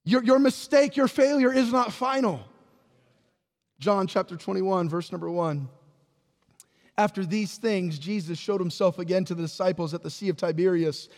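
A man with a high voice preaches in a church sanctuary, his words trailing into a long hall reverb. He reads scripture aloud and keeps turning to the congregation with questions. His delivery swings between ringing declarations and quiet, intimate asides. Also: normal speed. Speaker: pastor. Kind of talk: sermon.

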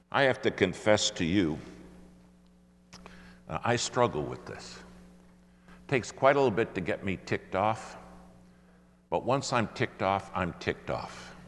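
A man preaches to a congregation in a long, ringing hall, with faint hiss under him. His voice sits fairly low but swings widely in pitch as he tells stories and acts out quotes. He leans on dramatic pauses. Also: a bit bright. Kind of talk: sermon. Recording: reverberant hall with faint noise.

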